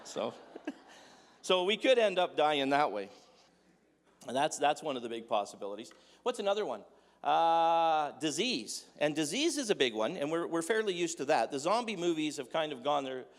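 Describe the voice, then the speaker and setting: A man of Dutch heritage delivers a humorous, conversational sermon packed with jokes and rhetorical questions. His fairly high voice has a sing-song lilt at a moderate pace, and the hall is echoey with long reverb.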